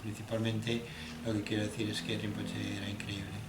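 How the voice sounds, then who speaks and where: Male interpreter, halting and searching for words, roomy hall with audible background noise. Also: on the low side, completely flat delivery. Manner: hesitant, searching for words with many fillers and restarts. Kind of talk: consecutive interpreting.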